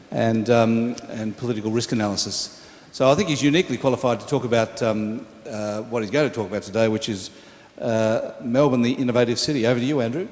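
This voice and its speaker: A man introducing the next speaker at an event, halting and full of ums and uhs. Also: medium pitch, darkish tone. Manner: hesitant, many fillers. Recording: long hall reverb, faint room noise.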